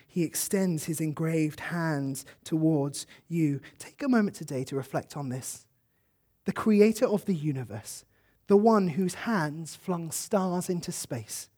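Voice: medium pitch, dark tone, husky. A preacher giving a sermon, telling a story in an earnest, emotive way and acting out the quotes.

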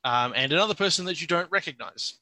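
A man's voice: on the high side, animated, fast, pushed and bright, dry recording. A man narrating as game master of a tabletop game, setting scenes in a loose, descriptive way.

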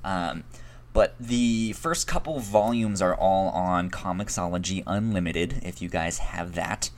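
A man's voice: deep voice, unhurried. A young man co-hosting a podcast, chatting casually with many ums and restarts. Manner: rambling, frequent ums and restarts. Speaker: podcast co-host. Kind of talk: casual chat.

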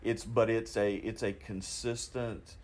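Male podcast host, lower voice, halting delivery with many restarts. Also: flat delivery, darkish tone. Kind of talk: podcast interview.

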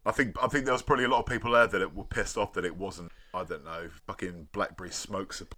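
A man co-hosting a casual music podcast, chatty with halting restarts and casual swearing. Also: low voice, steady tone, pushed and bright, dry recording. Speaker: podcast co-host.

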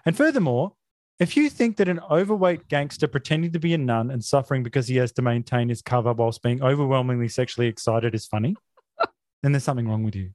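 A man hosting a film podcast, talking in a sarcastic, mock-outraged deadpan. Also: medium pitch, quick pace, no echo, studio quality. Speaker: podcast host. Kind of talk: casual film review chat.

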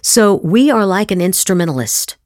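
A middle-aged woman giving an acting master class, emphatic and lively, slipping into demonstration voices. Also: medium pitch, normal speed, no room sound, clean studio sound. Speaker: acting teacher.

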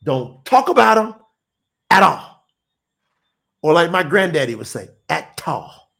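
Preacher guy on a livestream, highish voice that swings all over, folksy and repeats himself a lot. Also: big pitch swings, unhurried, creaky, fairly bright tone. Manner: emphatic, repetitive, folksy preaching. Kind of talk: livestream sermon to online viewers.

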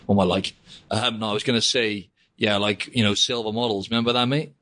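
A male podcast host rambles through a casual video-call chat, stopping and restarting and laughing a lot. His voice sits a little low. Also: fairly even intonation, fairly bright tone. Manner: rambling, halting, laughs often.

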